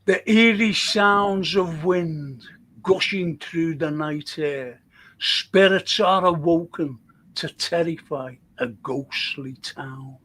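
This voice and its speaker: An older man reading aloud a spooky poem he wrote, in a slow, deliberate and dramatic way. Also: on the high side, a bit bright. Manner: slow, deliberate dramatic reading with a swearing, fumbling chat between. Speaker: amateur poet on a live stream. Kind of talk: reading his own poems aloud. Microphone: computer mic on a live stream.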